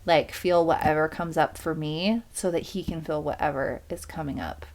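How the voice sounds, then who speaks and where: A woman's voice: sits low, steady tone, moderate pace, a little mellow. A woman hosting a podcast, chatting candidly and reflectively. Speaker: podcast host. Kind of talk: podcast conversation.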